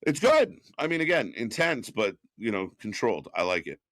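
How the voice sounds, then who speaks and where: Lively, swearing Canadian-born man. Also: on the low side, no echo, studio quality. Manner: animated, swearing, quick to laugh. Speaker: co-host. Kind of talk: casual live reaction chat.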